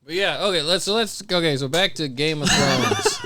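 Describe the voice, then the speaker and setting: A man hosting a podcast who talks excitably and steers the conversation. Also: fairly high pitch, moderate pace, dry recording. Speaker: podcast host. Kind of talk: casual chat.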